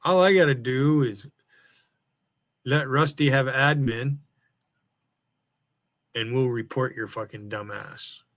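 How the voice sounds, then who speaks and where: With a medium-pitched, fairly bright voice, a man rants slowly on a livestream, pausing often. The streamer is angry and profane, taunting and cursing at rival streamers and chatters.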